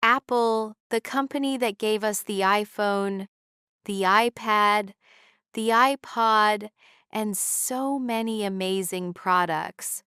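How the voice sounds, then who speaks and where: Woman co-host on a learn-english podcast, slow careful delivery, dry close mic. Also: mid-range voice, sharp tone, no echo. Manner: slow, clear, carefully enunciated. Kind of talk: scripted English-learning dialogue.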